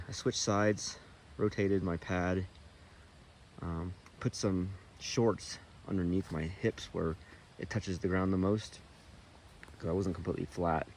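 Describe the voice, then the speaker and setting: A man talking casually to the camera while backpacking outdoors, rambling and relaxed. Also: low-pitched, a little hiss or hum. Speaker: vlogger on a backpacking trip. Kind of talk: casual trail vlog. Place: outdoors in the mountains.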